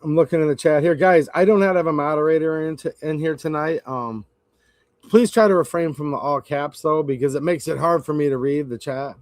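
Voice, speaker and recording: A man runs a live stream, talking bluntly and casually to his viewers in a slightly high voice. The sound is dry and close, with no room echo. He gives strong opinions and answers his chat directly. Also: fairly quick, darkish tone.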